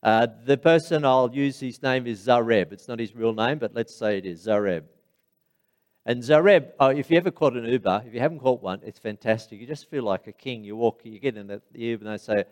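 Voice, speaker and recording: A man preaching a sermon, with emphatic high bursts on key phrases and quiet, low asides while telling stories. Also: animated, a little fast. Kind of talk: sermon with storytelling.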